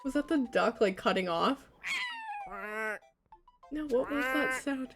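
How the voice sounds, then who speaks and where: A young woman streaming a game, chatting casually and breaking into loud laughing shrieks. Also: high-pitched, lively intonation, slow pace, over music. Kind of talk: casual gaming stream chat.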